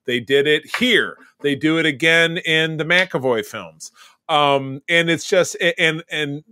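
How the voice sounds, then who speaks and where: Bright-voiced man recapping films. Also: fairly high pitch, a little slow, no echo. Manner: rambling, recaps scenes in detail. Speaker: podcast co-host. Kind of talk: casual movie discussion.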